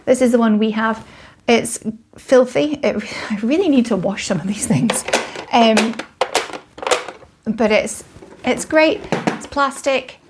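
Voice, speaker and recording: A woman's voice: a little high, slow, noisy background. A woman in her thirties with a British accent, chatting casually to camera about toys, frank, with many ums and self-corrections. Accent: British English. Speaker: parenting vlogger. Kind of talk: casual toy review to camera.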